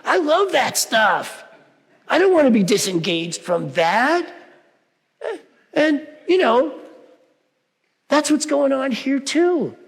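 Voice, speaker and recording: A man's voice: very high voice, very animated, takes it slowly, gravelly, long pauses. A man preaching a sermon in a conversational way, often checking in with his listeners by asking "right?". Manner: conversational, frequent "right?" asides. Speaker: reverend. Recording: long hall reverb.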